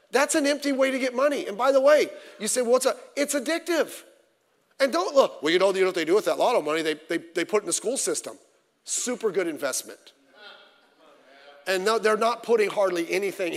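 A middle-aged man preaching a sermon as pastor, animated and wry, with many rhetorical questions. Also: high-pitched, long reverb tail. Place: church sanctuary.

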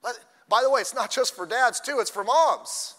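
An older man who is a grandfather, preaching a conversational sermon in church with asides and sudden loud bursts. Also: very high-pitched, moderate pace, big-room sound. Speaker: pastor. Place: church sanctuary.

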